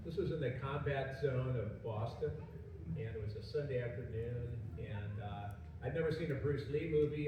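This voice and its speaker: An older man from rural Illinois telling a rambling, wry anecdote on a festival panel, hesitant with many fillers. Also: mid-range voice. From rural Illinois, USA. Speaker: panel guest. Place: large convention hall panel room. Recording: echoey hall, distant mic, background noise.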